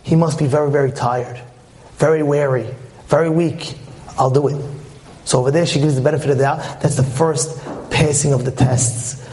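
A man giving an animated lecture on marriage as a religious teacher, telling stories and asking rhetorical questions. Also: fairly high pitch, moderate pace.

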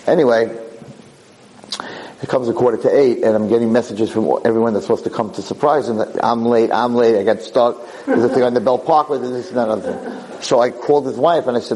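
A man giving a Torah lecture, telling a story in a lively, animated way, acting out the people in it. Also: a little fast, low-quality recording. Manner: animated, acts out yelling characters in high pitch. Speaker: rabbi lecturer.

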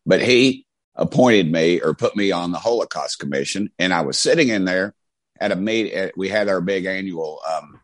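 A man's voice: deep voice, moderate pace, no echo. A middle-aged man with an East Tennessee Southern accent, telling folksy stories in a rambling interview style. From Knoxville, Tennessee. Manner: rambling, folksy, many restarts. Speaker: congressman guest. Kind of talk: casual storytelling interview.

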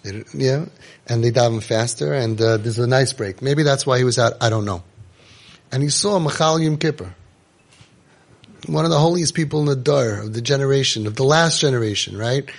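A man's voice: medium pitch, normal speed, creaky. A man, giving a storytelling Torah class full of Yiddish and Hebrew words and rhetorical questions. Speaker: rabbi giving a Torah talk.

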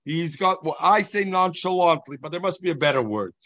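A man teaching a Talmud class, explaining each passage in a sing-song, animated way and mixing in Hebrew and Yiddish terms. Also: a little high, fairly quick.

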